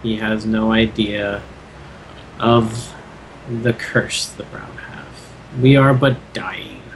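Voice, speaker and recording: A man voicing a proud, scornful male dragon in a tabletop game, speaking in a low, slow, contemptuous way. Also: fairly even intonation, a little hiss or hum, poor audio. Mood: bitter.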